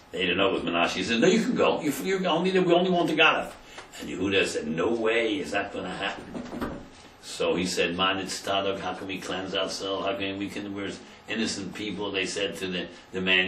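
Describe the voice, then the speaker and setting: Man, rabbi, low voice, Torah class, storytelling, acts out quotes, quiet to loud, recorded from a distance. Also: reverberant, a little hiss or hum.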